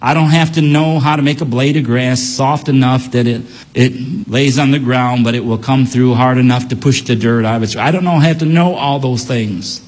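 A man's voice: medium pitch, fairly even intonation, normal speed, few pauses, darkish tone, in a large hall. A man preaching a sermon in an earnest, emphatic way, repeating key phrases and telling a story.

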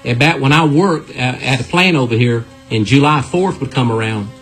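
A man's voice: medium pitch, normal speed, fairly bright tone, soft background music. A man preaching a radio sermon, folksy and earnest, with rhetorical questions.

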